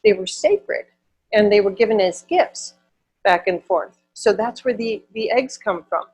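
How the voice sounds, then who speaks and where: A woman's voice: medium pitch, sing-song, a little slow, a little mellow, slightly rough, faint music behind. A woman from Wisconsin, a minister giving a conversational Sunday sermon, repeating words for emphasis.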